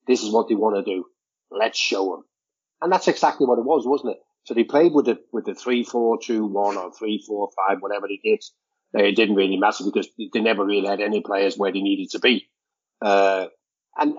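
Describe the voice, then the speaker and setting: Danish-born ex-player man as pundit; low, husky, thoughtful podcast chat, dull lo-fi audio. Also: darkish tone. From Denmark. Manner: reflective, measured, rhetorical tags. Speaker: football pundit, former player.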